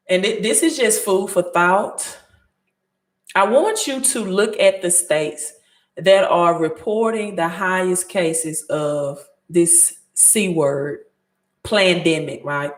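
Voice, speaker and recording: Chatty Mississippi woman livestreaming in an echoey room. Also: lowish voice. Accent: Mississippi Southern. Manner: chatty, thinks aloud, reads out comments. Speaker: credit advice host. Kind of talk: casual livestream chat answering viewer comments.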